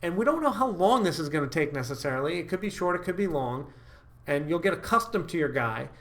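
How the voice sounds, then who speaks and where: A man's voice: on the high side, expressive, quick pace, fairly bright tone. A man giving dating advice straight to camera, upbeat and emphatic, often checking in with his listeners. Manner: upbeat, emphatic, frequent "all right?" check-ins. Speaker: dating coach. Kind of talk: direct-to-camera advice talk.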